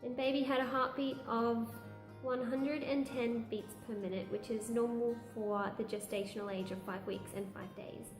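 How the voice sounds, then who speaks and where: A woman's voice: on the high side, level tone, normal speed, reverberant, faint music behind. A young woman, chatting candidly through a pregnancy update vlog and laughing now and then. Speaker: vlogger. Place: room at home.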